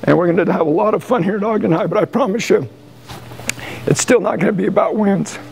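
An American football coach speaking emotionally at a team banquet, halting and pausing as he addresses the room. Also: high-pitched, creaky, darkish tone, slight background noise, poor audio. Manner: halting, emotional, with frequent pauses and restarts. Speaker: high school football coach.

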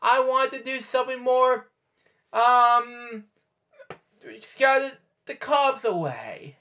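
A man doing a hammy impression of a shrill old witch woman in a storybook reading. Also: animated, slow, pushed and bright, full character voice. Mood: cackling.

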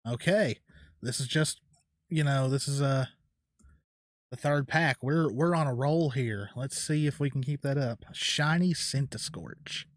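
A man's voice: medium pitch, measured pace, dry recording, studio quality. A man filming a card pack unboxing at home, talking to himself as he sorts cards into piles and gasping and tearing up over his good pulls, speaking into a desk mic. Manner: excitable, gasping, near tears; talks to himself while sorting cards. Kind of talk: casual unboxing commentary. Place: home at night, quiet.

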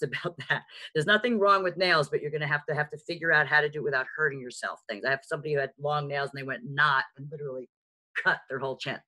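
Chatty New York woman teaching online. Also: deep voice. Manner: lively, chatty and frank, with quick asides and self-mocking jokes. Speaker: sign language teacher. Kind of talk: live online lesson. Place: home, on a video call. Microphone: video call microphone.

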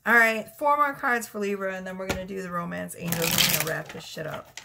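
A woman's voice: medium pitch, fast talker, gravelly, very noisy. A woman giving a casual tarot reading, talking bluntly and profanely and often breaking into laughter. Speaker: tarot reader.

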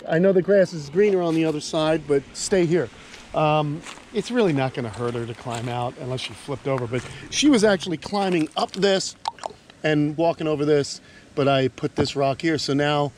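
A man's voice: a little high, a little mellow, slight background noise. Chatty man touring animal enclosures. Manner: easygoing and chatty, talks to his animals. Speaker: reptile keeper and channel host. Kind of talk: casual vlog tour. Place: outdoors among animal enclosures.

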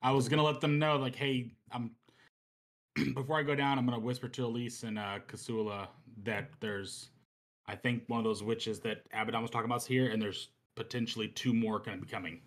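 A man calmly stating his character's actions in an online tabletop game. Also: medium pitch, a little fast. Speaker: player. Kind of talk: casual tabletop play.

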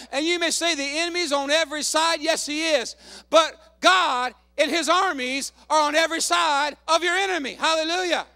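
Fervent high-voiced preaching man. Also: unhurried, creaky, no echo, clean studio sound. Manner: fervent, shouting hallelujahs. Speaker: pastor. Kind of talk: sermon.

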